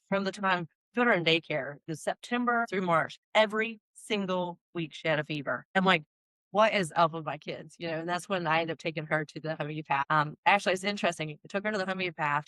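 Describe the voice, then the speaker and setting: A woman in her forties, a doctor hosting the session, telling stories in a lively, exclamatory way and acting out quoted dialogue. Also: fairly low pitch, dry recording, rough recording. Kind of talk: casual conversational storytelling.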